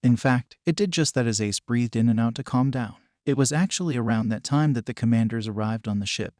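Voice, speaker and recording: A man reading fan fiction aloud in an even, steady way. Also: mid-range voice, brisk, dry recording, clean studio sound.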